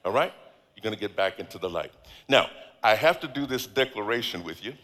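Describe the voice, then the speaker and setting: Middle-aged male guest preacher, low voice, emphatic drawn-out phrasing, big reverberant sanctuary. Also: lively intonation, bright, forceful tone. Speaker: guest speaker. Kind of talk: sermon. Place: large church hall. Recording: long hall reverb.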